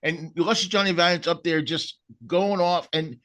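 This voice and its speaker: A man with a somewhat raised speaking pitch shares an old comedy-club memory. He laughs at himself as he tells it, in a loose, chatty podcast style. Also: fairly even intonation, moderate pace, a bit bright. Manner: laughing, self-deprecating storytelling. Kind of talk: casual podcast chat.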